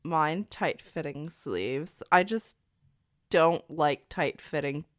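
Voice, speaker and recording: A woman's voice: sits low, takes it slowly. A woman co-hosting a podcast in casual chat, playful and teasing, laughing a lot. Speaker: podcast co-host.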